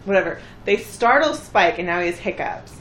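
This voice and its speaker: A woman's voice: animated, fairly quick, reverberant, a little hiss or hum. A woman co-hosting a casual podcast, retelling a cartoon episode and acting out the characters' lines. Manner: chatty, acts out characters' lines with bursts of pitch. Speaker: podcast co-host recapping an episode. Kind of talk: casual chat.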